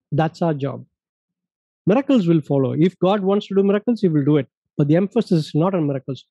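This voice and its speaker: Man, from India, Bible study teacher, emphatic, repeats points, high voice, dry sound. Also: mellow, dry recording, low-quality recording.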